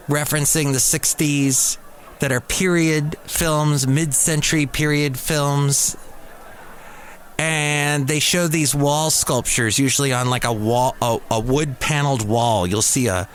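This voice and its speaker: Rambling exasperated man podcasting. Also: fairly bright tone. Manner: rambling, exasperated, mimics others in high squeaky voices. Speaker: podcast host. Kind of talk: casual solo podcast monologue. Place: cafe.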